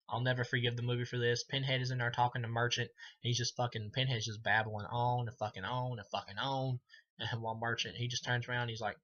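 A man rambles through a movie review, swearing freely and leaning on fillers as he goes. His voice sits at an average pitch with a bright, edgy tone. The recording sounds dull and lo-fi. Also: level tone, brisk. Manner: rambling, heavy swearing, frequent fillers, laughs at his own jokes. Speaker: film reviewer. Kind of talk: casual profane movie review.

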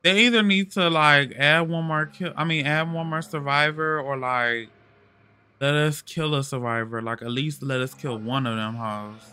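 A man streaming a game, chatting with friends in loud, excitable, slangy trash talk. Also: a little high, moderate pace, clear, resonant tone. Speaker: gaming streamer. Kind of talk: casual gaming chat.

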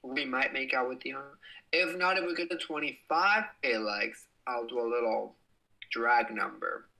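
A man's voice: medium pitch, measured pace, gravelly, bright, forceful tone, poor audio. Bubbly young man chatting on a livestream. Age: young adult. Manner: bubbly, giggly, exclaims and swears playfully. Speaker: livestream host. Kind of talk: casual livestream chat reading comments.

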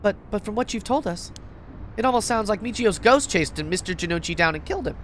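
A woman's voice: mid-range voice, animated, a little fast, a little hiss or hum, voice pushed up, lightly acted. A woman voicing an uneasy teenage student protagonist in a video game, reading her lines in a questioning way.

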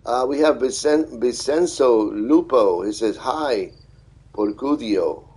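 A man live streaming, reading viewer comments aloud and thanking them in a halting, friendly way. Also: medium pitch, animated, a little mellow, breathy edge, low-quality recording. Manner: halting, with many fillers and restarts. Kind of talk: casual live-stream chat.

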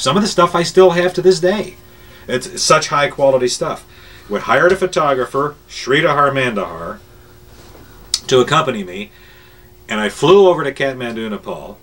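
A man's voice: medium pitch, a bit bright, far from the mic. Older man telling stories, a bit off-mic. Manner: rambling, anecdotal, many filler pauses. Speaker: radio morning show host. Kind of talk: reminiscing interview storytelling.

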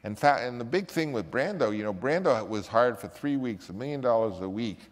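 An older man, a filmmaker, telling an animated story in an interview and acting out the people in it. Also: mid-range voice, brisk. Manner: animated storyteller who acts out other people's voices. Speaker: filmmaker recalling a casting story. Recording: long reverb.

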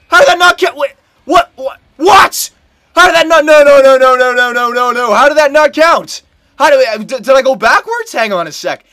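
A young man giving casual commentary while playing a hockey video game, muttering one moment and yelling in frustration the next. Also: a little high, dry recording. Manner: excitable, swings from muttering to loud outbursts. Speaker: gameplay commentator.

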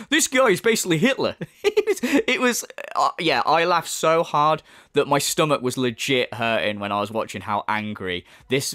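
A man's voice: medium pitch, fairly bright tone, clear, resonant tone. A man commenting casually on a video, mocking and swearing a lot. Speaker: YouTuber responding.

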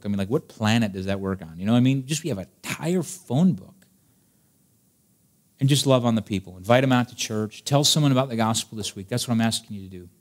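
A man's voice: medium pitch, darkish tone. A man preaching at a church service in an ordinary mid-range voice. He talks straight to the congregation, pressing his points and firing off rhetorical questions. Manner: emphatic preaching, direct address with rhetorical questions. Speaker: pastor. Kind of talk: sermon.

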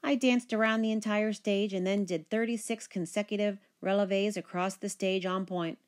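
A woman teacher reading a children's picture book aloud, with expressive, animated storytelling. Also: medium pitch, moderate pace.

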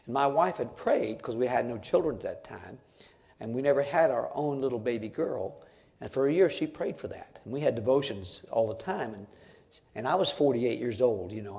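A missionary in his 50s gives a sermon in a church sanctuary, folksy and chatty at first, then rising into emphatic preaching. His voice is medium-pitched and a little mellow, with vocal fry.

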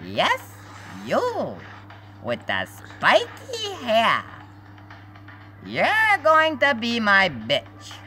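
A woman's voice: fairly high pitch, huge pitch swings, extremely slow, full character voice. A woman doing a sneering alien captor. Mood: menacing. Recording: loud game music behind.

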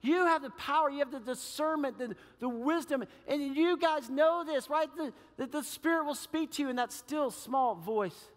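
A man preaching a sermon as pastor, animated and acting out little quoted voices. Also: very high-pitched, moderate pace, hardly any pauses, long reverb tail. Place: church sanctuary.

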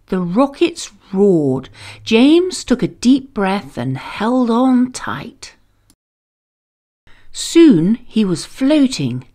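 A woman reading a children's storybook aloud, slow and expressive. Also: mid-range voice.

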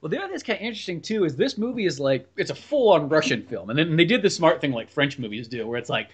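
A man's voice: fairly high pitch, fast, slightly rough. A man co-hosting a podcast, chatting casually about films in a rambling, good-humored way. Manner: lively, rambling, chuckling asides. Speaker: podcast co-host. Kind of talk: casual movie chat.

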